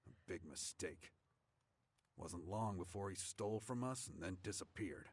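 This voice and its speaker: A husky gruff camp commander. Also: male voice, deep voice, animated, measured pace, darkish tone, heavily acted. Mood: grim. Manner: curt and commanding. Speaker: video game character.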